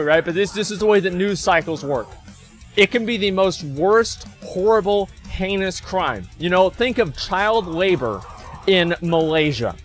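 A man streaming, delivering a rambling, profane, sarcastic rant, stumbling into restarts as he goes. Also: high voice. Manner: sarcastic, mocks people in put-on voices. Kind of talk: ranting commentary.

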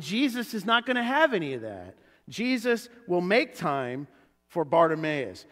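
A man preaching a sermon as pastor, animated and acting out the voices he quotes. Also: high-pitched, moderate pace. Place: church sanctuary. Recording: church hall reverb.

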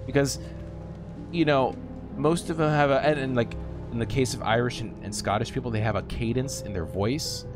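A man's voice: mid-range voice, moderate pace. An American man commenting casually while streaming a game, rambling and chatty with plenty of fillers. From United States. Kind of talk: casual let's-play commentary. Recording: voice over loud game music.

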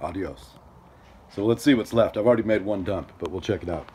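A man with a fairly low voice vlogs outdoors at a storage unit facility. He tells his story in a loose, chatty way and acts out other people's lines as he goes. A faint outdoor hum sits behind him. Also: fast talker, warm tone. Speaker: outdoor gear vlogger. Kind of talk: casual storytelling vlog.

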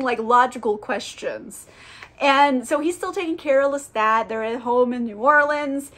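A woman's voice: high voice, fairly bright tone. A young woman recapping a novel in a chatty, profane, casual way, full of filler words. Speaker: book reviewer.

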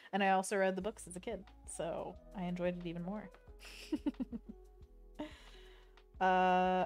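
Woman art streamer, playful running chat at an unhurried pace, middle pitch, soft music underneath. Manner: playful, chatty, reads chat messages aloud. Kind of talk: casual chat while drawing on stream.

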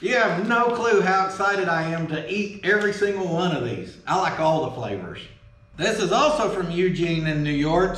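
A folksy, excitable man with a drawl, chatting casually and cussing easily as he opens fan mail. His voice sits high for a man. The sound bounces around a roomy workshop. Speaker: vlog host opening fan mail. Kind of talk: casual chat. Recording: roomy echo.

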